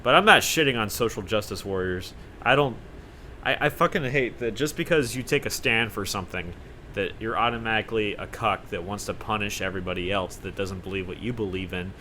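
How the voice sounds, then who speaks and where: A man's voice: on the low side, fairly quick, bright, forceful tone, a little hiss or hum. Sarcastic, foul-mouthed young man podcasting. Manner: sarcastic, profane, self-mocking. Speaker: podcast host. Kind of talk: rambling solo podcast monologue.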